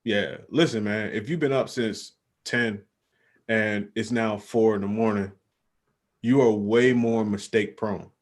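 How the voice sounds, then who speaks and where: Young male podcast co-host, low voice, slangy and relaxed. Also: unhurried. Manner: laid-back slangy, says bro often. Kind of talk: casual chat.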